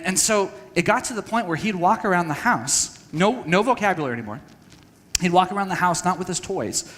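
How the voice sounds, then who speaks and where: Speaking at a church parenting session, a Texan man shares his family's story with candid self-deprecation, filled with fillers and restarts. His voice sits a little high and sounds a bit bright, with the long reverb of a large hall.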